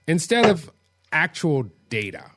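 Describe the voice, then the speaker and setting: A man hosting an interview, talking in a halting way with frequent restarts. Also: fairly high pitch, big pitch swings, fairly bright tone. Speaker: host. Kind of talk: podcast interview.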